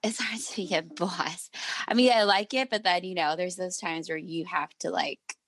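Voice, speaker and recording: A woman's voice: lowish voice, normal speed, fairly bright tone, no echo. A woman in her thirties, a manager and parent, telling a story in casual chat and acting out the quotes.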